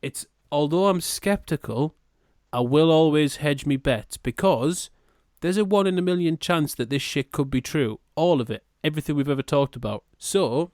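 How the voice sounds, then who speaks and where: A man's voice: a little high, lively intonation, moderate pace, darkish tone, no room sound, clean studio sound. A man co-hosting a podcast, riffing in a sweary, playfully exaggerated way. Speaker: podcast co-host. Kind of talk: casual comedic chat.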